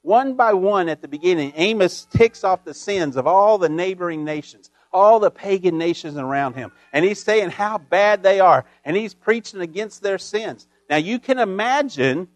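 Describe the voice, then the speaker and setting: A man preaching a sermon as pastor, folksy and full of homespun sayings, building emphatically to loud peaks. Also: sits high, lively intonation, moderate pace, few pauses, no echo.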